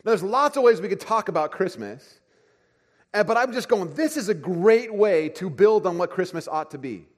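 A man in his thirties, a pastor preaching a sermon, telling a family story with lively swings between soft asides and excited bursts. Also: high-pitched, moderate pace. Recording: long hall reverb.

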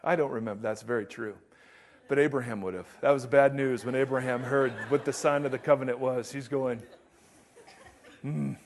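A man preaching a sermon to his congregation, reading scripture aloud and joking with the crowd in an animated way. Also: mid-range voice, brisk. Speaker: pastor.

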